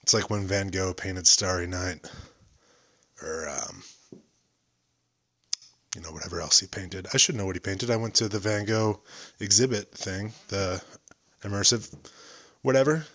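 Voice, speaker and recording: A man's voice: sits low, unhurried, long pauses, fairly bright tone. A young man hosting a solo podcast, rambling and joking about himself. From United States. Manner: joking, rambling, self-deprecating. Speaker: podcast host.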